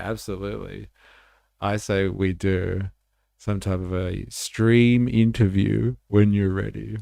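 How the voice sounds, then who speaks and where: A man's voice: sits low, creaky, dark tone, dry recording, clean studio sound. A man hosting a livestream, giving casual, sardonic commentary on clips and reading chat aloud. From Australia. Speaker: livestream host.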